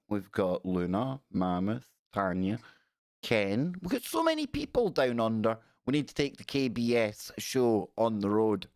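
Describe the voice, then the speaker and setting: A man's voice: mid-range voice, no room sound, studio quality. A man from the United Kingdom hosting a live-stream show in a casual, jokey way, reading out viewer comments as he goes. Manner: animated, chatty, jokey, reads out viewer comments. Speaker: podcast host.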